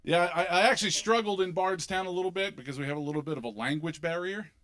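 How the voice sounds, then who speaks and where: Middle-aged philly guy doing standup, kinda high voice, punchy and animated. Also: fast talker. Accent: Philadelphia. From Philadelphia. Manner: animated, punchy delivery with sudden loud bursts. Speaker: stand-up comedian. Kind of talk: stand-up comedy set. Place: comedy club stage.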